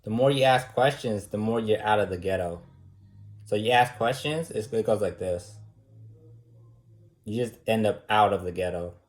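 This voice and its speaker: A man's voice: on the low side, moderate pace, pauses often. A man teaching a debate class in an informal, talky way, firing off repeated rhetorical questions and using casual fillers.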